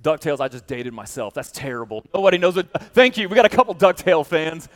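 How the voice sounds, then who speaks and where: A man preaching a sermon to a congregation, telling a story with lively energy and addressing his listeners directly. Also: on the high side, quick pace, long reverb tail. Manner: animated storytelling, speaking straight to the congregation. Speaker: pastor. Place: church hall.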